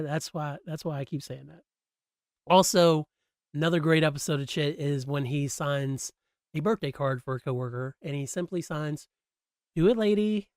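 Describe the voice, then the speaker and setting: Man, podcast host, casual solo chat, slangy, rambling, higher voice, dry close mic. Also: no room sound.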